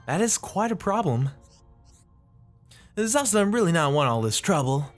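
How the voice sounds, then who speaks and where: A man's voice: fairly high pitch, sing-song, unhurried, pitched above the performer's own voice. A man voicing a small, fretful creature who speaks in broken third-person sentences, over faint music.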